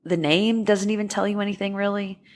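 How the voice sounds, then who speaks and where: A woman's voice: medium pitch, steady tone, brisk, a little mellow. A woman co-hosting a podcast in casual chat, nasal from a stuffy nose, rambling with fillers and restarts. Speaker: podcast co-host.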